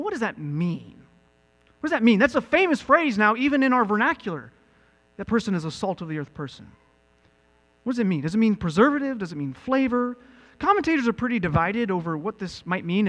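A man preaching a sermon as pastor, animated and building to emphatic peaks. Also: sits high. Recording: long reverb with mains hum.

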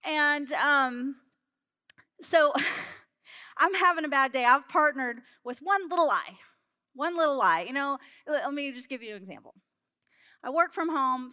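A woman delivers a sermon built on a personal story, candid and self-mocking with laughs along the way. Her voice sits high and rings bright. The sound is close and dry. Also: measured pace, pauses often, no echo. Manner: laughs between lines. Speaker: church speaker.

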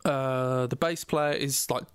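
A young man casually telling an anecdote, animated, laughing and acting out quotes loudly. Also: medium pitch, slow, clear, resonant tone, dry recording, studio quality. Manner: animated, laughing, acts out quotes in loud voices. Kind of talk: casual storytelling chat.

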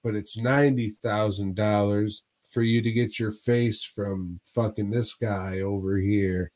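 A man voicing a greedy German surgeon pitching a costly operation. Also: fairly even intonation, measured pace, a little mellow, close to an everyday voice. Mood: businesslike.

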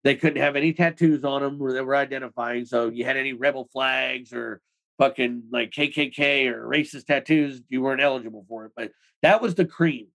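A man speaking as an interview guest, telling his own story in rapid, loose talk with many "like"s and plenty of swearing. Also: medium pitch, creaky, fairly bright tone, rough recording. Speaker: interview guest, former extremist. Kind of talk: casual storytelling in a podcast interview.

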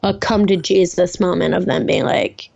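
This podcast co-host, a woman, has a lowish, gravelly and slightly mellow voice with a steady tone and moderate pace. She's casually chatting about a reality show, full of "like" and "you know" fillers, and the audio sounds dull.

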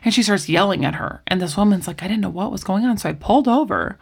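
A woman in casual conversation, telling a story with lively acted-out quotes. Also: medium pitch, fast talker, vocal fry. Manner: animated storyteller, acts out quoted voices. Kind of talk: casual chat.

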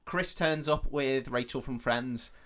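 A man's voice: mid-range voice, unhurried, fairly bright tone. A man hosting a casual podcast chat, recapping a film in a rambling way and laughing often. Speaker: podcast host.

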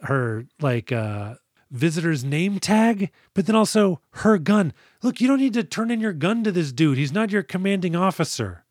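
A man's voice: high voice, lively intonation, normal speed, darkish tone, no echo, studio quality. A man co-hosting a movie podcast, recapping scenes with sarcastic, profane jokes in a casual chat. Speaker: podcast co-host.

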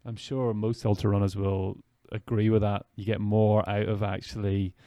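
A man's voice: fairly low pitch, flat delivery, normal speed, dark tone, no room sound. A man hosting a podcast, reflecting in casual chat with hesitant, repeated words. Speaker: podcast host.

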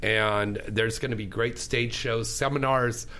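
A man's voice: medium pitch, steady tone, unhurried, bright, forceful tone. A man hosting a talk radio show, chatting in an effusive, enthusiastic way.

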